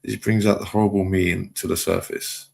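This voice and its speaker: Gravelly low-voiced man streaming. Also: a little fast. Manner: relaxed, chatty shout-outs to viewers with chuckles. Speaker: live streamer. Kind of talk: casual live-stream chat, reading out comments.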